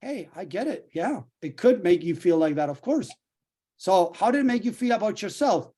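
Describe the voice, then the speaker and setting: A middle-aged man coaching a group in a lively way, acting out little dialogues as he explains. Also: high-pitched, moderate pace, slightly rough. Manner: animated, acts out little dialogues. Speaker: healing coach.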